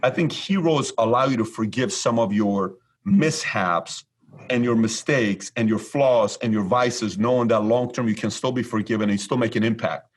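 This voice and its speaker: Husky-voiced man from Iran. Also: mid-range voice, moderate pace. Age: 40s. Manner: animated, repetitive storyteller. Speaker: guest. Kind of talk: storytelling interview talk.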